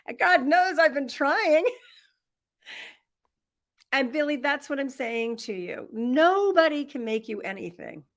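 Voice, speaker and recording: Middle-aged woman, workshop leader, slightly higher voice, warm storyteller, laughs easily, computer-mic sound. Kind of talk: live online workshop talk.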